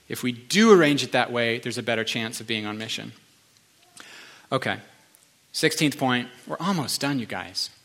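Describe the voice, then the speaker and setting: Earnest, bright-voiced man preaching. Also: mid-range voice. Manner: earnest, emotional, conversational preaching with restarts. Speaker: pastor. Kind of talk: sermon.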